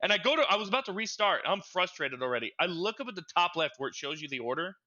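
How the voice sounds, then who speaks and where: Animated young man with bright, lively voice. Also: quick pace, muffled recording. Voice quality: stammering, repeats words when excited. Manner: animated storytelling, gets loud and high when reliving frustration. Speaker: podcast co-host. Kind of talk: casual chat.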